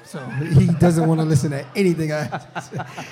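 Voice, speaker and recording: A man's voice: on the high side, steady tone, brisk, dark tone. A man chatting casually on a live podcast taped in a restaurant, laughing often and filling with "you know what I'm saying". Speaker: pro football player, show guest host. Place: restaurant during a live show.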